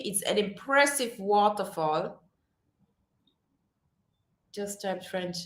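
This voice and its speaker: A woman's voice: fairly high pitch, sharp tone. A woman hosting a casual livestream chat, reading viewer comments aloud and laughing often. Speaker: livestream host. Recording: echoey room.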